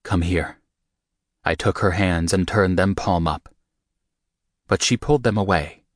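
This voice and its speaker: Deep, steady male audiobook narrator. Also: moderate pace, dry recording, studio quality. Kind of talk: first-person audiobook narration.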